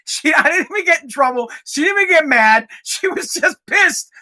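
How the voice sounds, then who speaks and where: A man's voice: very high-pitched, animated, moderate pace, bright, forceful tone. A young man hosting a podcast in a rambling, profane, casual monologue, often breaking into laughter. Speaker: podcast host.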